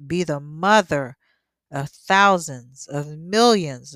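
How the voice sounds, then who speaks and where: Slow, smooth-voiced woman reading scripture. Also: lowish voice, dry recording. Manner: reads steadily, then breaks in with emotional asides. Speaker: scripture teacher. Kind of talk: reading scripture aloud with commentary.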